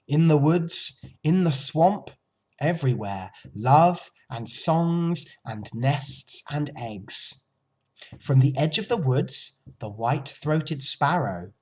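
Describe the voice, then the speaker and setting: A male teacher reading a children's novel aloud to his class, with expressive storytelling. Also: husky. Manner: expressive storytelling, lively pitch.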